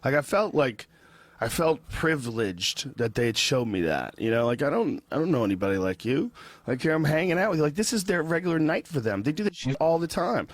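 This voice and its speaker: A man hosting a podcast, telling a story in relaxed, chatty conversation. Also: on the high side, fairly quick, no echo. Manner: relaxed, chatty, puts on mock accents when quoting. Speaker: podcast host. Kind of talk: casual storytelling chat.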